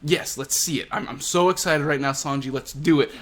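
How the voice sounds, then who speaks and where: A man voicing a loud, greedy male villain scientist who whoops with shrill excitement. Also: fairly quick. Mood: giddy.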